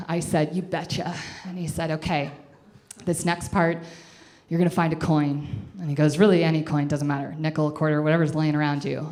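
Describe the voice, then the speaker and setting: A woman in her twenties telling a self-deprecating comic story to a live audience, animated and chatty. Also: sits low.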